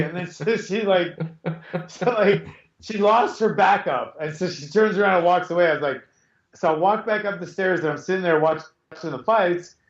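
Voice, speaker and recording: Over a video call, a middle-aged podcast host chats casually, telling a meandering story in a slightly raised, somewhat high voice and often doubling back to restart his sentences. The sound is dull and muffled, with echo from the room he's in.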